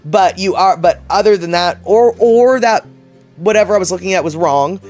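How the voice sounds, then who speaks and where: A man's voice: high voice, a little fast, a little mellow, faint music behind. A man hosting a casual livestream, reading chat messages aloud and rambling in a chatty way, laughing often.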